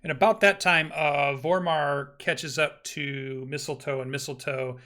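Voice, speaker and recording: A man narrating a tabletop game as game master, talking haltingly, with many ums and restarts. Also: fairly high pitch, steady tone, bright, forceful tone.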